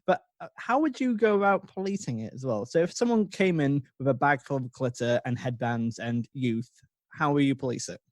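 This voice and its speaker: A man's voice: mid-range voice, lively intonation, a little fast, no room sound. Giggly man hosting a podcast. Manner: giggly, laughs often. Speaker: podcast host. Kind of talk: casual podcast interview.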